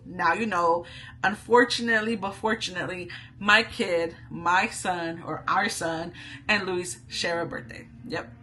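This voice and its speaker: Bright-voiced chatty young mom. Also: female voice, mid-range voice, a little hiss or hum, rough recording. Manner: chatty, candid, quick asides and slang. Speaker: vlogger, stay-at-home mom. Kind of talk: casual storytelling to camera.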